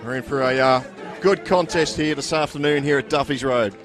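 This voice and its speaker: An Australian man commentating live at a local football ground, chatty and relaxed with many fillers. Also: mid-range voice, moderate pace, music in the background, a crowd in the background. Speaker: sports commentator.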